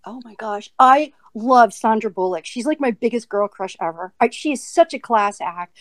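An actress in a casual podcast interview, talking in an animated, chatty way with lots of "like.". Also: female voice, on the high side, normal speed, no echo, low-quality recording.

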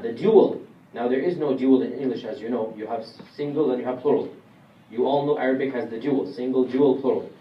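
An Islamic lecturer whose voice sits on the high side teaches Quran commentary in a classroom, explaining step by step and asking the audience questions. The audio is muffled and comes from a roomy, distant recording with faint ambience.

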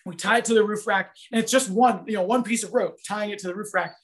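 A man delivers a sermon in a loose, animated storytelling manner. His voice sits high for a man, and he leans on casual fillers as he talks. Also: fast. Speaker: preacher.

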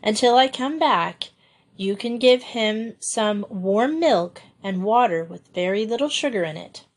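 A gentle young woman speaks soothingly to her younger sister, voiced by a woman reading aloud. Her unhurried words are kind and calm, a figure from a storybook. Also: on the high side, slightly rough, full character voice.

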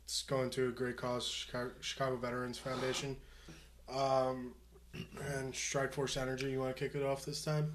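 A man's voice: mid-range voice, flat delivery, moderate pace, a little hiss or hum. A man co-hosting a podcast, telling a crude story in casual chat, swearing freely and laughing as he goes. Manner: profane, laughing anecdote teller. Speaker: podcast co-host.

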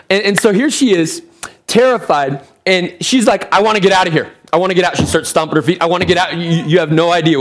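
A male pastor preaching, slightly high-voiced and lively. He tells a story with chatty asides and teases the congregation as he goes. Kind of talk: sermon.

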